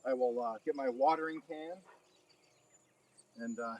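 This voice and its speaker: Man, folksy homestead vlogger, medium pitch, chatting in the backyard and talking to his dog. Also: unhurried, darkish tone. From Oklahoma. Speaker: gardening vlogger. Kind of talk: casual chat while gardening. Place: backyard garden, outdoors.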